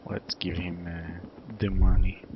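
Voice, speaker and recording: Wry gravelly man playing a game. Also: deep voice, flat delivery, takes it slowly, noisy background. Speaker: playthrough streamer. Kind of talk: casual game commentary. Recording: dull lo-fi capture with game music.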